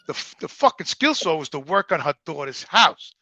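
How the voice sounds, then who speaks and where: A middle-aged man with a New Jersey accent, telling profane, animated stories in a casual interview and acting out the dialogue. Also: fairly high pitch, brisk, no room sound. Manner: profane, animated storyteller who acts out quoted dialogue. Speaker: guest.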